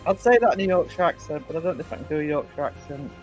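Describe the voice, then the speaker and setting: Male stream host, high-pitched, chatty, self-deprecating, faint music under. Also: animated, very fast. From England. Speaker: livestream host. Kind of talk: casual chat reading viewer comments.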